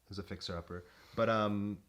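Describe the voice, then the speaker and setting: Young male podcast co-host; quick, slightly low voice, rambling storyteller. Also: fairly even intonation, fairly bright tone, highs cut off, slight background noise. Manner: rambling, self-interrupting storyteller. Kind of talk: casual storytelling chat.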